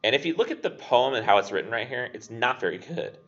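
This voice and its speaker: This young English teacher talks quickly and very animatedly in a mid-range, slightly bright voice during a casual recorded literature class. Fillers crowd his speech, and he acts out quotations. The recording is muffled.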